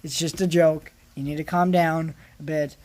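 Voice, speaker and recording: A man's voice: a little high, steady tone, normal speed, a little mellow. A man from California rambling casually in a vlog, with many restarts and fillers. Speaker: vlogger.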